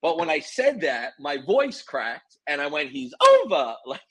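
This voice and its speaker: A former pro wrestler telling stories in a relaxed interview, animated and boastful. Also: male voice, on the high side, a little slow, breathy edge, dry recording, poor audio. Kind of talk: casual interview storytelling.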